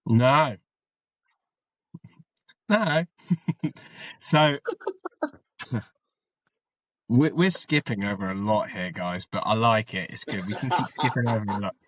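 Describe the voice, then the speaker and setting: A man's voice: medium pitch, animated, slow, pauses often, no room sound. A man, an army veteran and podcast guest, telling his story in a rambling, casual way and swearing freely.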